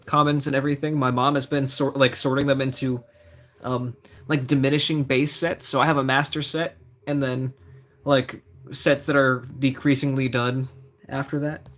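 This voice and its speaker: A man's voice: medium pitch, flat delivery, normal speed, fairly bright tone. A young man chatting casually on a live stream, reading out card names as he opens packs and answering his chat. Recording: faint music behind the voice.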